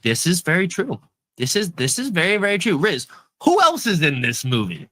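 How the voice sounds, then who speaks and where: A man co-hosting a podcast, chatting casually about a movie in a hyped, animated way and often repeating himself. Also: fairly high pitch, normal speed, no room sound. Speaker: podcast co-host. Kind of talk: casual movie review chat.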